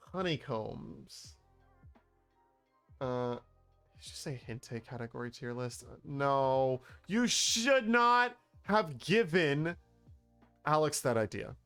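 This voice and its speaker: Male streamer, unhurried, mid-pitched, playful and mock-exasperated, faint music under him. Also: a bit bright, clean tone. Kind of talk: casual livestream commentary. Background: faint background music.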